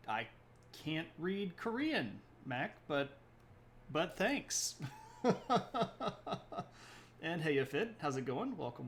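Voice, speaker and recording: A man's voice: on the high side, gravelly, slight background noise. A man hosting a history livestream in a rambling, self-correcting way, chatting with viewers between points. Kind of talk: casual livestream talk.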